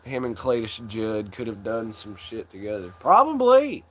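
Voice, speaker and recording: A man's voice: fairly low pitch, huge pitch swings, normal speed. A young man hosting a casual chat, rambling in a laid-back way, swearing often and laughing along. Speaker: channel host.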